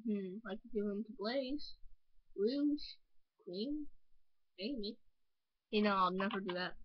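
A woman's voice: mid-range voice, slow pace, husky, dry recording, dull audio. A woman voicing a cocky young male hedgehog hero in a fan dub, boastful and rambling. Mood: carefree.

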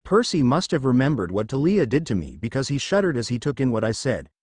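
A man reading a first-person fan fiction story aloud in a casual, lively way. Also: medium pitch, quick pace, breathy edge, no echo. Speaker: narrator.

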